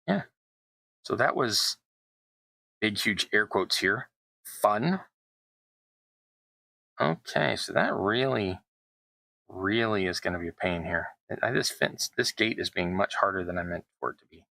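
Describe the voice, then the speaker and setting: A middle-aged man crafting tabletop terrain for his YouTube channel talks casually in a lowish, creaky voice with a sharp tone at normal speed. He rambles and jokes at his own expense, captured with no room sound and poor audio quality.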